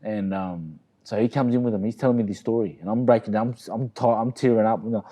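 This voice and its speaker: Brief: Australian man, middle-aged, low and warm-toned, rambling interview storyteller. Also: fast talker. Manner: rambling, repeats "you know what I mean". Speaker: interview guest, boxer. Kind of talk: casual storytelling.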